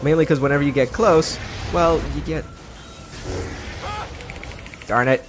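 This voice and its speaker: A man's voice: a little high, a little slow. A man from Britain giving chatty, sarcastic let's play commentary while he plays. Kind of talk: gameplay commentary. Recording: commentary over game music.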